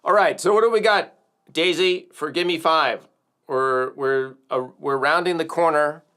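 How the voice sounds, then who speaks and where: A man's voice: a little high, measured pace, sharp tone, smooth. An American man hosting a casual music livestream, rambling and joking, with plenty of fillers and restarts. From United States. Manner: rambling, joking, with many fillers and self-corrections. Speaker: livestream host and drum teacher.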